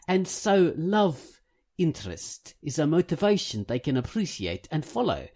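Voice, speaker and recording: A man reading a forum post aloud in a put-on South African accent, with a gravelly, husky voice. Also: fairly high pitch, darkish tone, exaggerated voice.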